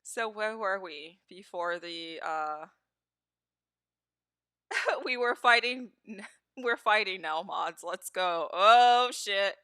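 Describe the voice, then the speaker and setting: A woman's voice: medium pitch, animated, takes it slowly, long pauses, bright, forceful tone, smooth, no echo, studio quality. A woman live streamer chatting casually with her viewers, laughing often and swearing freely.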